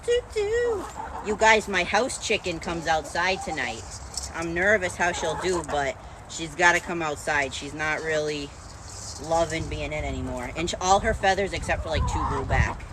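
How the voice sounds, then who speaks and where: A woman's voice: deep voice, normal speed. A woman chatting casually to the camera as a farm vlogger, full of fillers while she does her chores outdoors. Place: outdoors at a chicken coop. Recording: outdoor noise behind the voice.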